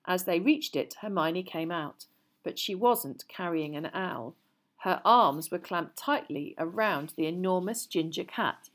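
A woman narrating a children's fantasy story aloud in a measured, even way. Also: lowish voice.

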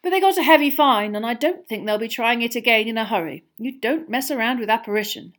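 A woman's voice: on the high side, lively intonation, fast talker, fairly bright tone, pitched above the performer's own voice. A woman voicing a fussy, kindly middle-aged wizard father who talks in a chatty, matter-of-fact way, in a storybook reading.

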